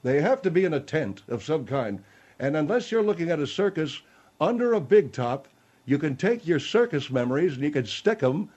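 A man playing a cantankerous, argumentative general who is a guest on a radio talk-show bit, gruff and insulting. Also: fairly high pitch, sing-song, normal speed, a little mellow. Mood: combative.

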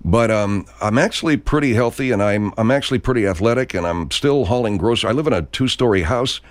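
A man's voice: on the low side, fast, no room sound. A man in his sixties hosting a show, rambling casually with a lot of swearing and restarts. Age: 60s. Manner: profane, rambling, full of restarts. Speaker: podcast host.

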